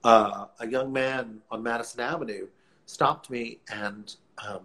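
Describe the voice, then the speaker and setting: A man's voice: medium pitch, fairly even intonation, measured pace. Chatty New man on a video call. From New Orleans, USA. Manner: warm, rambling storyteller with many restarts. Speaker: guest actor. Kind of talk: casual live interview over video call. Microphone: phone or laptop on a video call.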